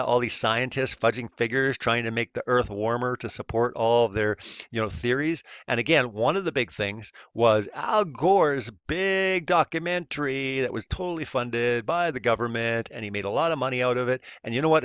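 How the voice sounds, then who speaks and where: A man hosts a casual commentary video in a sarcastic, mocking tone. His voice sits at an average pitch. The sound is dry and a bit dull, like a lo-fi recording. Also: moderate pace, a bit bright, clear, resonant tone, dry recording. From Canada. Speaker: host.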